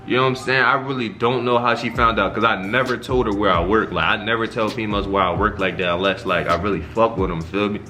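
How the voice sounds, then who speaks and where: Bright-voiced young man telling a wild story. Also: quick pace, few pauses. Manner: animated, profane slang-heavy storytelling with sharp jumps in pitch on quoted reactions. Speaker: vlogger. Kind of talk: casual storytime.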